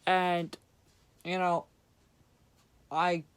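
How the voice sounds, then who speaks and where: Profane ranting young man, smooth voice. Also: sits high, level tone, extremely slow. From Vermont, USA. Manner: profane, blunt, sarcastic. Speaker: vlogger. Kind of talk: angry ranting monologue.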